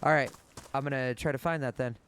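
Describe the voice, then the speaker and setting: A man streaming a game live, thinking out loud and swearing casually as he plays. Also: medium pitch, fairly even intonation, a little fast, a little hiss or hum. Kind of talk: live gameplay commentary.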